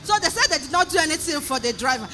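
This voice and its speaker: A woman with a Nigerian accent giving an emotional testimony in church, animated, repeating phrases, often crying out and laughing. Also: high-pitched, fast talker, music in the background.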